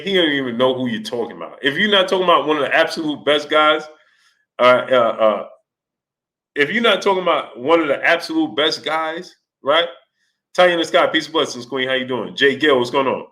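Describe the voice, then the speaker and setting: Animated man hosting a live stream. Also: a little high, brisk. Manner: animated storytelling, laughing, mimicking voices. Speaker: host. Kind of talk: live stream chat, reading Super Chats.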